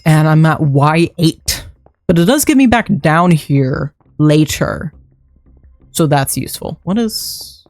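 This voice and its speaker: A man's voice: a little high, no echo. A man livestreaming a game, chatting and muttering his thoughts aloud as he plays. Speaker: streamer. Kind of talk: live game-stream commentary. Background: faint background music.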